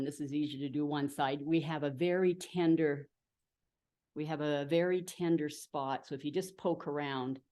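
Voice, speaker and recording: A woman teaching a meditation practice in a relaxed, chatty way, with fillers and light laughs, over a video call. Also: sits low. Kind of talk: casual instructional talk guiding a group practice.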